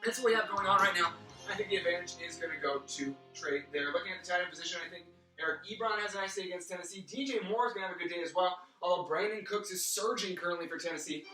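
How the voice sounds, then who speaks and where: A man's voice: high voice, quick pace. A man hosting a mock sports-analyst fantasy football preview. He rambles off into pun tangents while losing his voice. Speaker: fantasy football league host. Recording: roomy, distant mic with music behind.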